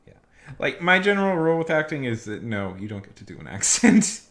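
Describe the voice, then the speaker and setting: Guy on a stream ranting casually, bright voice, repeats himself a lot. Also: a little high, sing-song, fairly quick. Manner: emphatic, repeats himself, restarts often. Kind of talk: casual rambling commentary.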